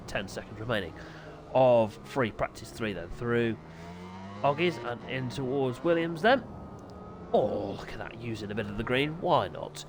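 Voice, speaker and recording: A man commentating live sim motorbike racing on his own stream, excitable and chatty with joking asides. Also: fairly high pitch. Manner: excitable, chatty, self-deprecating, swings to exasperated asides. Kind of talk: live esports race commentary.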